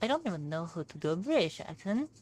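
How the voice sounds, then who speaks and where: A woman's voice: lowish voice, very animated, quick pace, darkish tone. A woman streamer chatting casually and laughing often while playing a game with a friend. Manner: giggly, reads game lines aloud.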